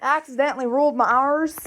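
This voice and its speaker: Young woman, ranch vlogger, chatty and self-mocking, slightly high voice, unhurried delivery, phone mic outdoors. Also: a bit bright. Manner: rambling, self-joking, chatty. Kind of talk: casual vlog chat while doing chores. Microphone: handheld phone.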